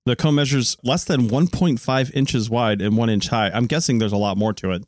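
A man's voice: medium pitch, fairly quick, no echo, clean studio sound. A man in his forties co-hosting a podcast in casual, joking chat. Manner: joking, laughs often, relaxed. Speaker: podcast co-host.

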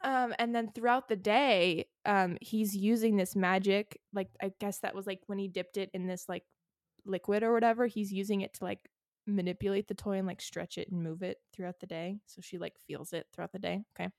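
A woman's voice: mid-range voice, fairly even intonation, a little fast, dry recording, studio quality. A woman co-hosting a podcast, recapping a book in casual chat and leaning hard on "like" as a filler. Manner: chatty, heavy use of "like". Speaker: podcast co-host.

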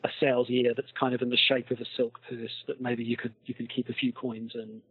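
Podcast co-host, male, husky voice, rambling and dry, heard over a tinny, muffled call line. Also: mid-range voice, flat delivery, a little fast, no room sound. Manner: wordy, rambling, dry humor. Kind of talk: casual chat over a call. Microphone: internet call.

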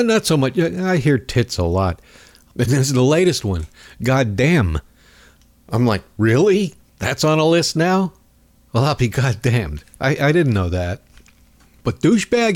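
A man hosting a talk radio show, talking in a rambling, sarcastic way with mocking asides. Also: medium pitch. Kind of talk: casual political talk radio monologue. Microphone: studio microphone.

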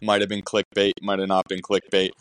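Deep-voiced man rambling through a story. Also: monotone, fairly quick, fairly bright tone, clean tone, no echo. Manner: rambling, self-mocking storytelling. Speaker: podcast guest. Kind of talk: casual chat.

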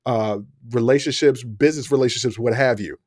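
A man's voice: mid-range voice, a little fast, darkish tone, no room sound, studio quality. A man hosting a casual podcast, talking frankly in a laid-back way and laughing often. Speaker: podcast host.

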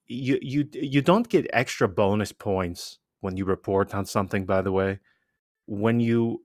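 A man's voice: lowish voice, dry recording, clean studio sound. A man co-hosting a casual podcast, rambling through asides and restarts with emphatic energy. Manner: animated and emphatic. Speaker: podcast co-host.

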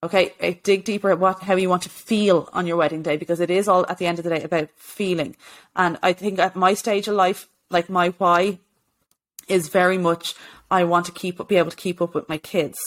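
A woman, hosting a solo health-coaching podcast in an earnest, encouraging way, with many "okay"s and restarts. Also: on the low side. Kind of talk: solo podcast advice talk.

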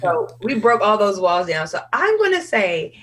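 A woman's voice: medium pitch, moderate pace. A woman singer speaking candidly as an interview guest, laughing often and acting out her own past remarks. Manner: frank, laughs often, quotes herself in lively asides. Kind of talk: candid casual conversation.

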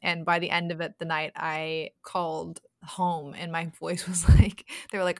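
A woman, a sex coach, chatting as a podcast guest and telling animated stories with frequent laughter. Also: lowish voice, normal speed, few pauses, dry recording. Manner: animated storyteller, laughs often. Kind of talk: casual podcast chat.

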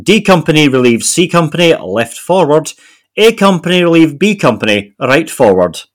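A man's voice: on the high side, big pitch swings, moderate pace, voice pushed up. Man putting on a posh Edinburgh accent. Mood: formal. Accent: Morningside Edinburgh Scottish. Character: man reading a war diary in a posh Edinburgh voice.

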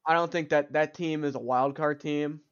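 A man's voice: a little high, fairly even intonation, moderate pace, smooth, dry recording, dull audio. A young adult man co-hosting a casual sports podcast, opinionated and arguing back, often repeating himself. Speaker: podcast co-host.

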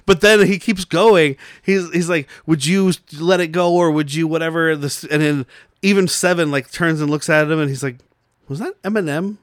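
A man's voice: on the high side, fairly even intonation, normal speed, clean tone, no room sound, clean studio sound. A man hosting a casual movie-review podcast, laughing and acting out lines from the film. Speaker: podcast host.

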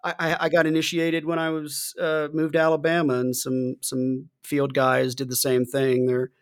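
A man's voice: fairly high pitch, monotone, normal speed, clean tone. Laid-back swearing man telling stories. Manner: loose storytelling, swears often, laughs through his stories. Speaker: podcast co-host. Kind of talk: casual chat.

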